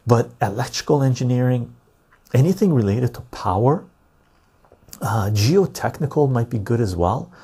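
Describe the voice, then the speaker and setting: A man's voice: medium pitch, expressive, moderate pace, dark tone, breathy edge. A man hosting a podcast, chatting casually and reading out viewer comments, rambling and laughing often. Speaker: podcast host.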